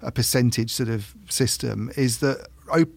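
A man's voice: mid-range voice, vocal fry, no echo. A man chatting casually as a podcast co-host, often stumbling and repeating words as he explains. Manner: halting, repeats words, restarts. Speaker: podcast co-host, tech journalist. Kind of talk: casual chat.

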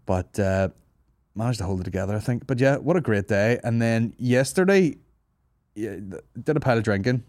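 Low-voiced man telling rambling stories. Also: expressive, a little fast, a little mellow, no echo, studio quality. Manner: swearing, rambling storyteller, laughing at own jokes. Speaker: podcast host. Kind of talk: casual comedy podcast banter.

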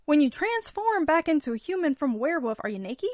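A woman's voice: high-pitched, fast talker, no room sound, clean studio sound. A woman co-hosting a podcast in casual chat, swearing freely and acting out little voices as she tells the story. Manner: profane, animated, acts out voices. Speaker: podcast co-host.

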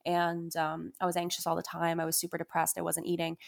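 Gravelly-voiced young woman telling her story. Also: on the low side, completely flat delivery, fairly quick. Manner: confessional, frequent "you know" and "like" fillers. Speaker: musician guest. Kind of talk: candid interview storytelling.

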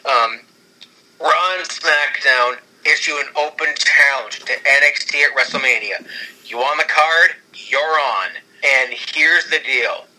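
A man in casual chat, excitedly rambling through an imagined storyline with many restarts. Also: medium pitch, unhurried, rough recording. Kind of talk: casual fantasy-booking chat.

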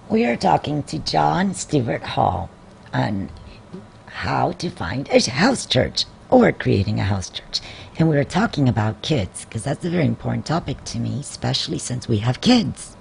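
A woman's voice: rumbling low, big pitch swings, moderate pace, creaky, a little mellow, a little hiss or hum. A woman hosting a faith talk show, chatty and asking her guest questions. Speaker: show host. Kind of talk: interview host, opening with a read poem.

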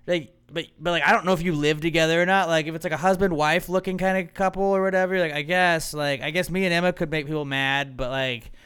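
Young male podcast host, crisp clear tone, loose profane rambling banter. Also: fairly high pitch, fairly even intonation, fast talker, hardly any pauses, a bit bright. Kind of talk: casual podcast chat. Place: apartment home studio.

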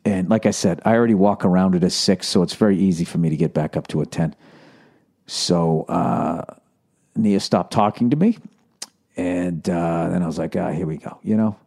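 A middle-aged man, a comedian, telling a story in a casual monologue, swearing constantly and mocking himself with animated rants. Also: sits low, normal speed, creaky. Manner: profane, self-deprecating, animated ranting. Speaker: comedian podcast host.

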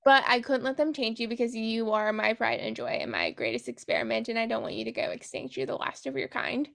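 A woman briefly plays a weary older scientist woman, cold and blunt, tossing off lines offhandedly in a high, gravelly voice. It is a podcast retelling, not a radio play. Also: very animated, fast. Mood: grudging. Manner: profane, offhand paraphrase.

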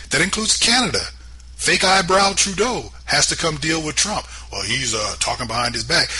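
Through a rough recording with a little hiss or hum, a man delivers an opinionated political monologue in a slightly high, bright, forceful voice. He talks emphatically as host, firing off sarcastic rhetorical questions and mocking remarks.

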